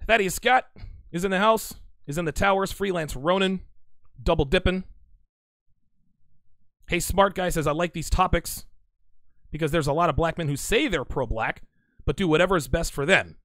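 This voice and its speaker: A man talks through a casual livestream, reading out chat messages and firing back blunt, teasing replies. His voice sits a little high for a man. The sound is close and dry, with no room around it. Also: normal speed, long pauses, fairly bright tone, no room sound. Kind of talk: casual live-stream commentary.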